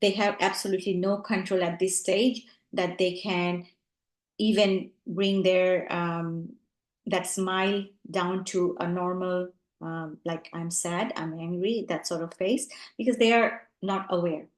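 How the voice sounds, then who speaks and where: A woman teaching as a relationship coach, speaking reflectively with frequent ums and softer asides. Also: lowish voice, fairly even intonation, unhurried. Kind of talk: teaching talk. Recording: roomy echo.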